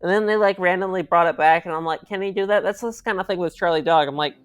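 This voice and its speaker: A man guesting on a casual cartoon review chat, talking in a relaxed, rambling way. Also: high voice, fast talker, smooth, faint music behind. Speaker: guest co-host.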